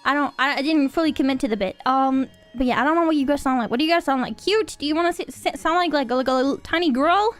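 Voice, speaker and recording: A woman's voice: sits high, very fast, few pauses, a bit bright, soft background music. A young woman streaming, chatting casually and greeting viewers in a bubbly, giggly, rambling way. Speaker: VTuber streamer. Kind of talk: casual livestream chat.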